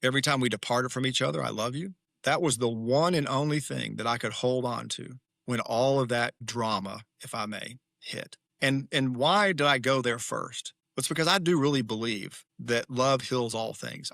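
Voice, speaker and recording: A man's voice: mid-range voice, gravelly, bright, forceful tone, no echo, clean studio sound. A middle-aged man, a podcast guest and author, speaking in an earnest, emphatic, reflective interview manner. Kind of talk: candid interview talk.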